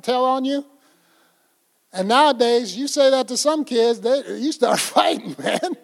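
High-voiced older male preacher. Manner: folksy, conversational preaching with quoted asides. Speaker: pastor. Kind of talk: sermon.

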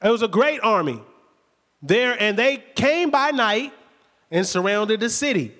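A man preaching a sermon, retelling the story lively and conversationally with rhetorical questions. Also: high-pitched, a little slow. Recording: long hall reverb.

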